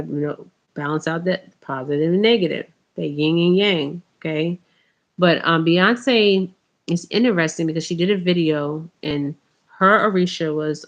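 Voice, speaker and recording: A woman's voice: low voice, gravelly. A woman talking casually to her viewers about her spiritual path, rambling with many ums and a repeated "okay?". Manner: addresses viewers as you guys. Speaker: spiritual vlogger. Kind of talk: casual spiritual talk to camera.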